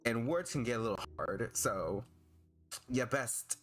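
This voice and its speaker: A young man streaming as a VTuber, chatting casually while drawing, with vocal fry and a rambling, hesitant way of talking full of fillers and restarts. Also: mid-range voice, sing-song, moderate pace, soft background music.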